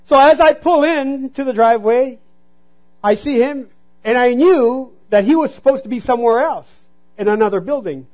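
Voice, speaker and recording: A man preaching a sermon, telling a personal story and calling out to the congregation, sometimes dropping to a hush for emphasis. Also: very high voice, moderate pace, poor audio. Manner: storytelling, call-and-response "Amen?".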